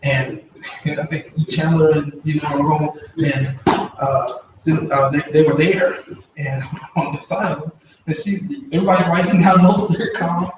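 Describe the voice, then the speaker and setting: A man's voice: a little high, fairly even intonation, measured pace. A man in a training group telling a story from his work with youth, hesitant at first. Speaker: youth worker attending training. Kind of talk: sharing a story in group discussion. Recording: echoey room from a far mic, dull, noisy.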